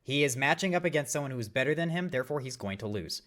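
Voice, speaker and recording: A man's voice: medium pitch, lively intonation, rapid-fire, a crowd in the background. A man hosting a casual sports betting podcast, rambling and swearing while he has a cough. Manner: rambling and profane, explaining picks. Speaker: podcast host.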